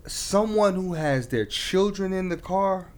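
A man's voice: high-pitched, a little slow. A man talking earnestly in a casual discussion, building to emotional emphasis as he makes his point.

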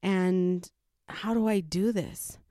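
A woman's voice: fairly low pitch, slow, warm tone, dry recording, clean studio sound. A woman quoting a determined young stepmother from a folktale, in nearly her own voice. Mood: earnest. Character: determined young mother trying to win a boy.

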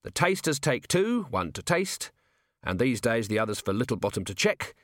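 A man voicing a gruff, sharp-minded male watch commander who questions in a brisk, impatient way. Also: medium pitch, very animated, dry recording, clean studio sound. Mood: probing.

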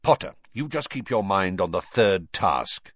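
A man's voice: deep voice, lively intonation, measured pace, fairly bright tone, no echo, dull audio, full character voice. A man voicing a grizzled, wary old male wizard with a growling voice and a curt, clipped manner. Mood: gruff.

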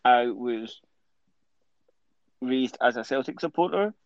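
A man's voice: mid-range voice, lively intonation, slow, no echo, muffled recording. A Scottish man co-hosting a podcast in casual chat, rambling and stumbling over his words. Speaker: podcast co-host.

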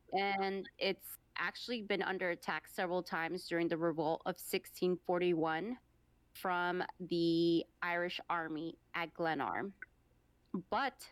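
A woman's voice: fairly low pitch, dry recording. A young woman co-hosting a podcast, chatting playfully and reading out her research. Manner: giggly, playful, reads research notes. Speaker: podcast co-host. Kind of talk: casual chat and storytelling.

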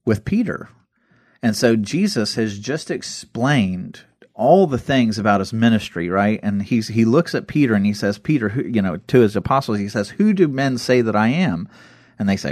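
Guy with a low voice telling bible stories, dry close sound, acts out the quotes. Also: no room sound. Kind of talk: casual Bible discussion.

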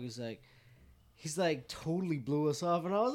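A man's voice: fairly high pitch, normal speed, darkish tone. A man casually telling a rowdy story to friends, swearing and laughing as he goes.

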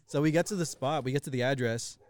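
Brief: young male podcast co-host, clear close-miked dry voice, slightly high, swears a lot while storytelling. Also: a little mellow, dry recording. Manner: fast, profane, retells with quoted voices. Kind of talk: casual storytelling chat.

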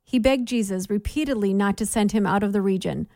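A woman giving a measured Bible reading for a daily reading plan, with clear, steady delivery. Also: mid-range voice, no echo, clean studio sound. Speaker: scripture reader.

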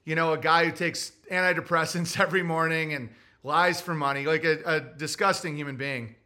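A man with a New Jersey accent hosting a podcast, talking in an animated casual monologue and acting out quotes in put-on voices. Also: a little high, brisk. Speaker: podcast host.

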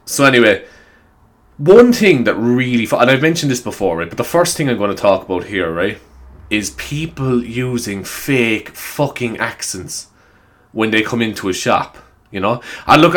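With faint upbeat music behind him, a male vlogger speaks into a desk microphone in a rambling, casual monologue for his viewers. His Irish-accented voice is fairly low and fairly bright in tone. He swears freely and laughs between his points.

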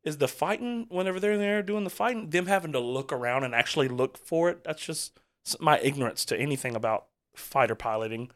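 A man hosting a casual movie reaction chat, talking in a rambling, halting way with lots of fillers and restarts. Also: a little high, animated. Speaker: host leading a movie reaction.

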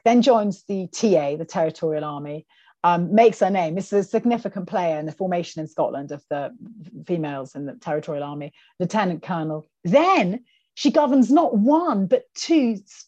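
A woman's voice: fairly low pitch, dry recording, lo-fi sound. A woman, an author, chatting in a podcast interview over a video call, telling stories animatedly and mimicking the people she quotes. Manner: animated storyteller, quotes people in their voices. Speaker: author and guest.

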